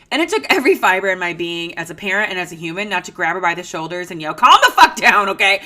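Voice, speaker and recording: A woman in her thirties hosting a podcast, telling a story in a chatty, animated way with lots of fillers. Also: medium pitch. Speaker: podcast host. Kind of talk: casual storytelling monologue.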